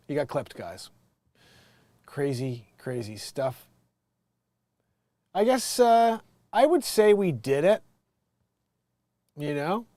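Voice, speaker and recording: Rambling man muttering then shouting. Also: mid-range voice, dry recording. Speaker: livestream host. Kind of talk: casual livestream commentary.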